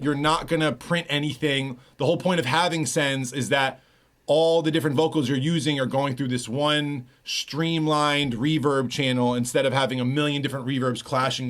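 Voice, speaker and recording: A man who produces music, chatting casually on a livestream, swearing freely as he reads and answers viewers' messages. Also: mid-range voice.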